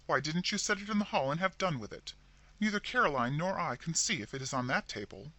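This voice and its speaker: A man's voice: fairly high pitch, animated, brisk, sharp tone. A man voicing a placid, fussy middle-aged woman who becomes horror-struck and shrieks. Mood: impatient. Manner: fussy, then shrieking in alarm.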